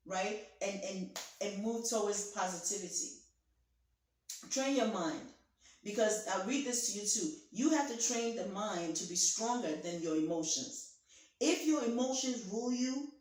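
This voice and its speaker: Lady doctor preaching hard, theatrical, kinda high voice, super echoey and far from the mic. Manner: repetitive, emphatic exhortations. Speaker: physician and pastor giving a motivational talk. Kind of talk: preacher-like motivational speech.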